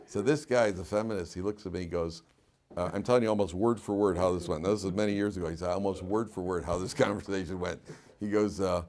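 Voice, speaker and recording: Animated rabbi giving a class. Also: male voice, sits low, a little fast. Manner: animated storyteller, laughs often, repeats himself. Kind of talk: lively classroom lecture.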